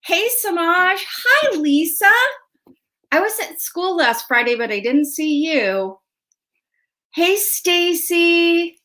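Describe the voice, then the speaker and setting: A woman's voice: very high voice, lively intonation, slow pace, a bit bright. A woman hosting a casual livestream tarot show, chatty and friendly with viewers, laughing often and a little stuffy from a sinus cold. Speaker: host and tarot reader.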